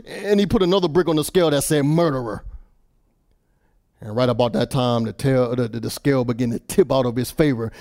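A man preaching a sermon with passion, repeating words and swinging from hushed storytelling to shouted declarations. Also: medium pitch, brisk, dry recording, studio quality.

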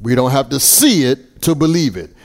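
A man preaching a sermon, deliberate and emphatic, with occasional small stammers and restarts. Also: medium pitch, big pitch swings, gravelly.

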